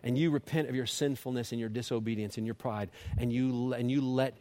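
A man preaching a sermon as pastor, impassioned, swinging from loud peaks to soft, low appeals, often repeating and restarting words. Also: fairly even intonation, a little fast.

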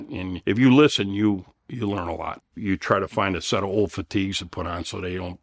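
A man talks in a fairly low voice. He tells his stories bluntly and rambles, swearing often and starting his sentences over. The tone is casual, like an old veteran chatting. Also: steady tone, a little fast, vocal fry, hardly any pauses, a bit bright. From Elmhurst, Illinois. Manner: blunt, profane, rambling with restarts. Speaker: guest, Vietnam veteran. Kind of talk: casual storytelling.

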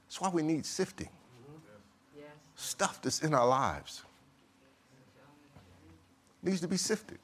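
A man preaching a sermon. He speaks emphatically, moving from quiet passages to loud stresses. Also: fairly high pitch, big pitch swings, slow, pauses often.

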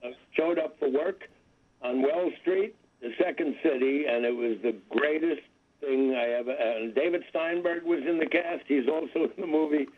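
Heard over a tinny phone line, this man in his seventies is a comedian phoning in as a guest for an interview chat. His voice is fairly high and his pace is ordinary, and he wanders through wry remarks with jokes at his own expense.

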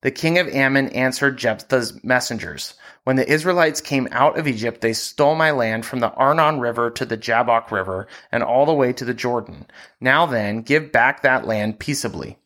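A man reads scripture aloud at an even, measured pace. His pitch sits in an ordinary middle range for a man. The delivery is that of a podcast host working through a passage. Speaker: Bible reading podcast host.

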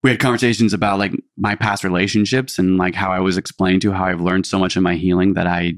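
A man's voice: deep voice, flat delivery, fast, no room sound, studio quality. A young man co-hosting a podcast, chatting casually and telling a story, often acting out what people said. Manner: storytelling, acts out quoted voices. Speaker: podcast co-host. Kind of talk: casual chat.

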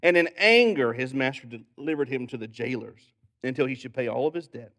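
Gravelly male pastor preaching animatedly. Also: medium pitch, brisk. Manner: animated storytelling, jokey asides. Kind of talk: sermon.

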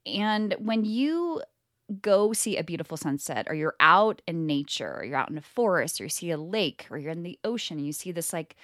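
Give me a middle-aged woman hosting a podcast, lively and chatty, with a very expressive voice. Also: lowish voice, moderate pace, dry recording, clean studio sound. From California. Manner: bubbly and animated, chatty with laughs. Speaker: podcast host. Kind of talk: casual solo podcast monologue.

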